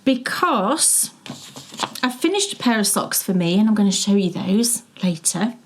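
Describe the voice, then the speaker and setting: A middle-aged woman talks at an even, mid pitch. She chats about knitting in a loose, storytelling way, often breaking into laughter. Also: unhurried, slight background noise. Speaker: podcast co-host. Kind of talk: casual knitting chat.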